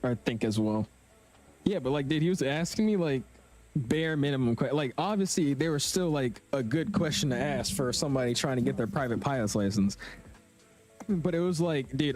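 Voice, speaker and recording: A man's voice: mid-range voice, a little mellow. Chatty young man streaming a game. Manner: chatty, slangy, reads chat aloud. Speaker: flight sim streamer. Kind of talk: casual live-stream chat.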